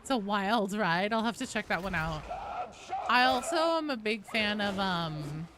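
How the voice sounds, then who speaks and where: A woman streams a game and chats casually with her chat, joking around and swearing freely. Her mid-range voice is expressive and a little slow. The home stream audio is noisy.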